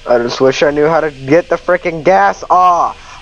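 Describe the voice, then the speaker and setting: A man commentating a horror game, jumpy and swinging from muttering to panicked yelling, his voice cracking from screaming. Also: a little high, moderate pace, muffled recording, slight background noise. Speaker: let's play gamer.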